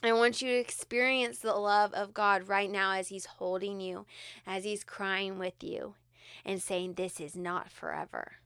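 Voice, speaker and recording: A woman co-hosting a podcast, leading a guided prayer meditation in a soft-spoken, earnest way. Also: mid-range voice, little pitch movement, a little slow, clear, resonant tone, dry recording, studio quality. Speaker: podcast co-host.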